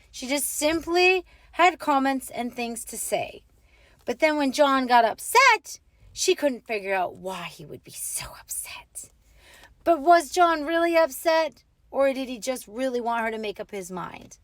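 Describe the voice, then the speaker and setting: A married woman hosting a casual advice talk, opinionated and animated, acting out little quoted exchanges. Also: high voice, no room sound. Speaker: host.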